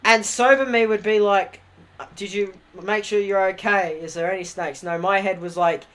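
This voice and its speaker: A man's voice: sits high, normal speed, a bit bright, smooth. A young man with an Australian accent casually telling rambling stories on a livestream, swearing freely and laughing at himself.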